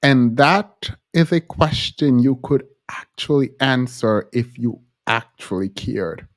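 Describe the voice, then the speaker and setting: A woman's voice: extremely low pitch, expressive, slow. A woman hosting a reaction commentary, sarcastic and exasperated, repeating phrases for effect. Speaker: commentary host.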